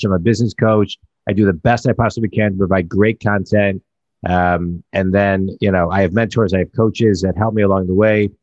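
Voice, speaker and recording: Man, business coach, rambling chat, low voice, muffled dry call sound. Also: darkish tone, no room sound. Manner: rambling, restarts phrases. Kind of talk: casual podcast conversation.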